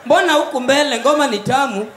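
Kenyan male stand-up comic, very high pitch, loud and punchy delivery, echoey live-stage recording. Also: quick pace, a little hiss or hum. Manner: loud, mixes Swahili and English, acts out voices. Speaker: stand-up comedian. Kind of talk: stand-up comedy set. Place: live comedy stage with audience. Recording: echoey live venue with faint ambience.

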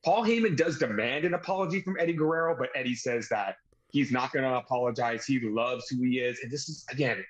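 A man's voice: mid-range voice, fast talker, muffled recording. Man casually recapping wrestling storylines. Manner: recaps events in long, steady run-on narration. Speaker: podcast host. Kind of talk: casual wrestling review chat.

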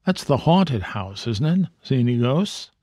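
Calm, amused detective father, read by a man, dry and close. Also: medium pitch, unhurried, no echo. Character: genial middle-aged detective father.

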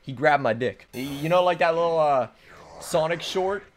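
A young man doing let's play commentary, hyper and rambling, joking around and breaking into sudden loud outbursts. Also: a little high, normal speed, background noise. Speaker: gaming commentator. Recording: faint game music behind.

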